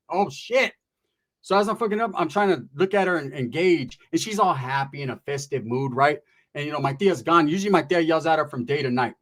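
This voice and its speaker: A man's voice: fairly high pitch, expressive, fairly quick, fairly bright tone. A man telling a comedic story with profane street slang and loose, chatty asides. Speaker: stand-up storyteller.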